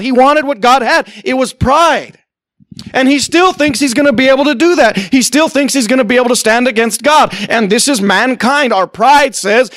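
A man's voice: very high voice, normal speed, a bit bright, no room sound, studio quality. A man preaching a sermon to a congregation in a conversational way, with sarcastic asides and acted-out quotes. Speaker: pastor.

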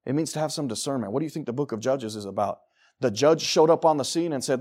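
A man preaching a sermon to his congregation in church, swinging from loud declarations to quiet, low asides. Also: quick pace. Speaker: pastor.

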